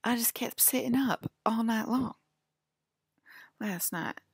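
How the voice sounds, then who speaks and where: A woman's voice: on the high side, takes it slowly, breathy edge, no room sound, clean studio sound. A woman talking in a casual, rambling monologue, full of "like" fillers and drifting from topic to topic. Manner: offhand, drifts between topics.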